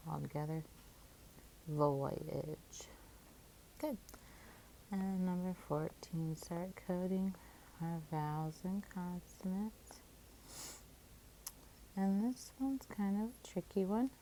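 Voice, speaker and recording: A woman's voice: lowish voice, dark tone, slight background noise. A woman teacher leading a phonics lesson, patiently breaking words into syllables and sounding them out.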